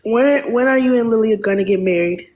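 A man's voice: high-pitched, darkish tone. A man joining a live stream as a guest who talks nervously, stalling with ums between his questions. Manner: nervous and halting, full of ums. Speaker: livestream guest. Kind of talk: casual livestream chat. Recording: echoey room.

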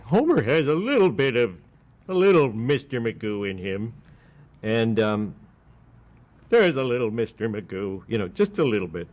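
A voice actor in an interview, explaining his characters in a relaxed way and slipping into quick impressions. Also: medium pitch.

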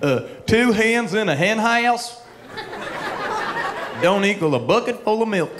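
A male comedian playing a blunt folksy TV advice host, drawling slowly through odd sayings. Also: sits high, lively intonation, background noise, pitched above the performer's own voice.

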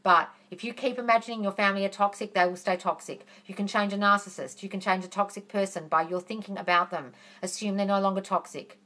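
A woman's voice: medium pitch, steady tone, quick pace, hardly any pauses, sharp tone. A woman hosting a live question-and-answer stream, answering viewers in a chatty, reassuring way and calling them darling. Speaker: manifesting coach hosting a live Q&A.

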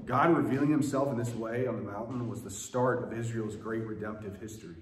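A man's voice: on the low side, a little fast, few pauses, a little hiss or hum. A man preaching a sermon as pastor, telling stories with animation and acting out quoted voices. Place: church sanctuary. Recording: echoey church room, faint ambience.

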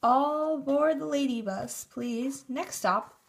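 A woman's voice: sits high, takes it slowly, creaky, a little hiss or hum, exaggerated voice. A woman voicing a cheerful, adventurous female teacher in a storybook reading, with upbeat, exclamatory delivery.

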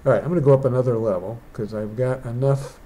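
Digital artist, male, mellow tone; meandering, talks to himself while working. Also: medium pitch, steady tone, quick pace, a little hiss or hum. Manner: rambling, thinks aloud. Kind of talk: casual painting tutorial. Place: indoors, rain outside.

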